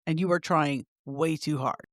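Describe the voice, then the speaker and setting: A woman's voice: sits low, fairly even intonation, normal speed, no echo, studio quality. A woman co-hosting a podcast, talking in an opinionated, emphatic way about a reality show. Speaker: podcast co-host. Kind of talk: casual chat.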